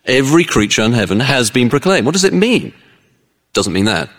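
A man preaching a sermon in a chatty, animated way, telling stories to make his points. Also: mid-range voice, a little fast, big-room sound. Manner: conversational, animated storytelling with acted-out voices.

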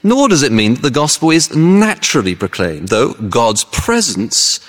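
A man preaching a sermon in a chatty, animated way, telling stories to make his points. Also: mid-range voice, normal speed, big-room sound. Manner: conversational, animated storytelling with acted-out voices.

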